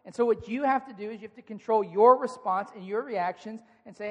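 A man's voice: high voice, brisk, hardly any pauses, a bit bright, lo-fi sound. A man preaching a sermon as pastor, speaking to his listeners in an earnest, direct way. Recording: long reverb of a large hall.

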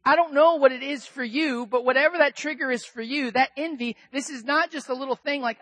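A man preaching a sermon as pastor, conversational and animated, moving between soft asides and loud emphatic bursts. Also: extremely high pitch, fairly quick, hardly any pauses, no echo.

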